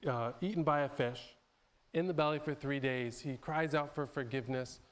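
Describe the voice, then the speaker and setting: A man preaching a sermon, retelling a Bible story in a loose, conversational way with frequent restarts, repeated words and throat-clearing. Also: mid-range voice, moderate pace. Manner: clears his throat often between phrases. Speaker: pastor.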